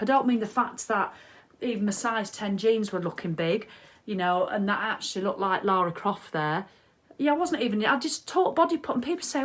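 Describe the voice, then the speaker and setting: A middle-aged woman chatting casually on a live video as a wellness coach, reading out viewer comments. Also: mid-range voice. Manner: chatty, animated, reads viewer comments aloud. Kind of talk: casual live-stream chat.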